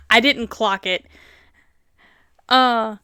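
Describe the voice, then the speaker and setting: Southern woman host, casual storyteller who laughs easily; clear higher voice. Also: extremely slow, dry recording, clean studio sound. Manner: animated, laughs often, reads in voices. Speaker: host reading online stories.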